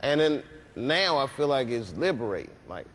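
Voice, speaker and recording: A man's voice: medium pitch, moderate pace. A man, a comedian guest on a late-night talk show, telling stories and acting out voices. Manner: animated, acts out voices in his anecdotes. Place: television studio before a live audience. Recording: studio hall with audience laughter and noise.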